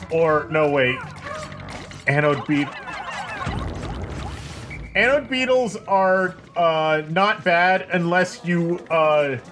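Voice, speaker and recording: A man giving let's-play commentary in a profane, joking, rambling way, with game music playing behind him. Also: a little high. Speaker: gameplay commentator.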